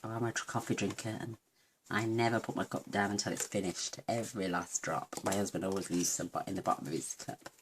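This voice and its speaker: A woman's voice: extremely low pitch, fairly even intonation, a little fast, noisy background. A woman giving a chatty, homely papercraft tutorial at her craft table, full of self-deprecating asides. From United Kingdom. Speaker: papercraft demonstrator.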